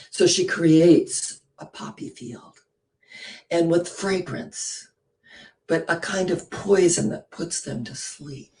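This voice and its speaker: With a lowish voice, a woman minister preaches through a story, firing off lively rhetorical questions and abruptly sinking into a breathy, hushed near-whisper.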